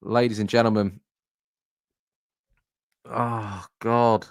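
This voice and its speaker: Hoarse deflated man reacting live. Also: on the low side, level tone, no room sound, clean studio sound. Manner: deflated, halting, repeats himself. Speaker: football fan streamer.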